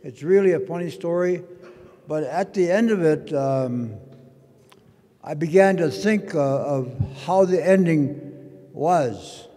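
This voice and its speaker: An older man giving a rambling storytelling speech at a conference, halting with many fillers and restarts. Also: fairly high pitch, warm tone. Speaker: conference speaker. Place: conference hall. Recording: long reverb of a large hall.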